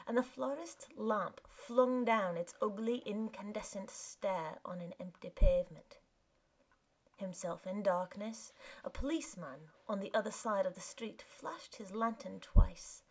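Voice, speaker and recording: A woman reads a period story aloud in a measured, hushed way. Her pace is very slow and unhurried, with a mid-range voice. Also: mid-range voice. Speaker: narrator. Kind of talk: scripted narration of a period story.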